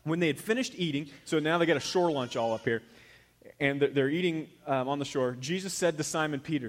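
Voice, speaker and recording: A middle-aged man delivers a sermon in a relaxed, folksy, conversational way. He drops his voice low for emphasis, then rises into louder stretches. His voice sits slightly higher than most men's. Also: brisk. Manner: folksy, conversational preaching with big swings in volume. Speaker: pastor.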